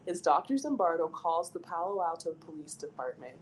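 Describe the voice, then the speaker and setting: A woman's voice: fairly low pitch, brisk, slight background noise, rough recording. A young adult woman on a casual podcast, telling a story with lots of "like" and acting out the people in it. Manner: animated, lots of "like", acts out quoted voices.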